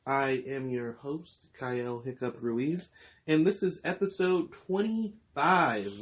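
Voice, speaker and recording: Young male podcast host, loose casual storyteller, average pitch, dull lo-fi recording. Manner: loose, rambling storytelling with fillers and laughs. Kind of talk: casual chat.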